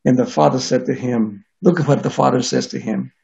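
A man's voice: medium pitch, a little fast, gravelly, darkish tone. A man preaching a sermon, reading scripture aloud and explaining it in an earnest way with frequent restarts. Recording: dull lo-fi recording.

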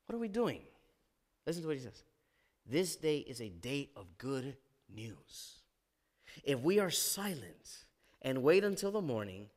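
A man preaching a sermon in a church sanctuary, reading scripture aloud and breaking off with loud emphasis, low asides and calls of "amen?".

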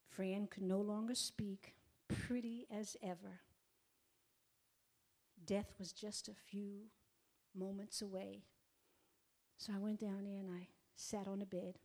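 A middle-aged woman giving an emotional testimony in a sermon, swinging from loud outbursts to hushed whispers and speaking directly to her listeners. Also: mid-range voice, flat delivery, slow, pauses often. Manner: repeats herself, addresses the audience directly.

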